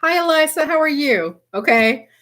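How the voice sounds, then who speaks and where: A woman's voice: sits high, lively intonation, normal speed, fairly bright tone, a little hiss or hum. Giggly woman reading tarot live. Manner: giggly, keeps breaking into laughter and apologizing; chatty, addresses viewers by name. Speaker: tarot reader.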